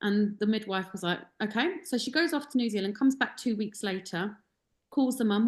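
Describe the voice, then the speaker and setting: A woman speaks in a relaxed group conversation. She tells her story animatedly and voices the other people in it. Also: fairly high pitch, brisk. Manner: animated storyteller, acts out quotes. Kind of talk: casual group discussion, storytelling.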